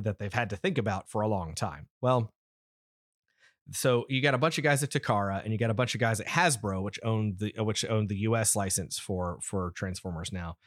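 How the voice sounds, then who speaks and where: Guy in his 30s rambling on his podcast, lots of uh and restarts, lowish voice, super dry mic. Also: no room sound. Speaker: podcast host. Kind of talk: casual nerdy chat.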